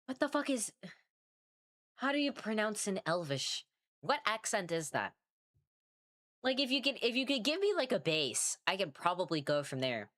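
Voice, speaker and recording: A woman's voice: medium pitch, sing-song, normal speed, pauses often, fairly bright tone. A woman streaming while she draws, chatting casually in a rambling, self-mocking way, swearing freely and sounding tired. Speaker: artist streamer. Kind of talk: casual livestream chat while drawing.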